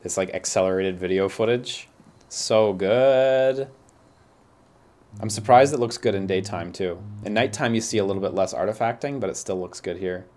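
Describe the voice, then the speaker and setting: A man's voice: low-pitched, fast talker, hardly any pauses, darkish tone. A man streaming a game, musing and questioning himself in casual commentary.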